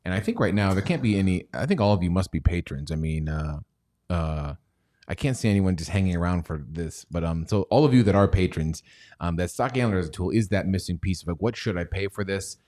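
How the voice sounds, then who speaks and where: A man's voice: sits low, lively intonation, brisk, a little mellow. A man hosting a casual stock livestream, rambling and joking, sometimes dropping to near-whispers. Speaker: stock show host; chemist.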